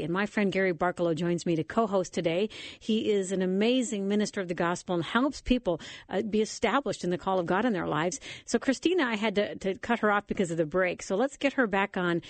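A woman hosts a call-in radio show from a dry, close studio mic, her voice sitting at a middle pitch. She talks to callers in an encouraging, enthusiastic way. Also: no echo. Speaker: radio talk show host. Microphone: studio microphone.

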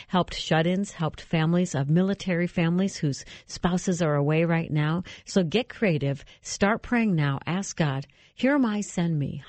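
A woman radio host talks upbeat and persuasive as she promotes a campaign to her listeners. Her voice sits a little low. It is a dry, close studio recording. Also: a little mellow, no room sound.

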